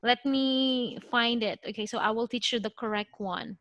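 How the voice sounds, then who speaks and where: A Filipino woman leads an online lesson over a video call, her voice high and bright. She is patient, thinks aloud and fills pauses with okay and wait a second. The sound is dry and close. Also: dry recording, highs cut off. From Philippines. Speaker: teacher.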